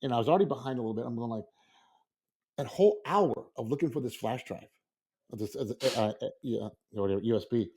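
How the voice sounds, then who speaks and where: A man in casual podcast chat, a school librarian telling an animated story and acting out his own reactions. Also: medium pitch, fast, husky.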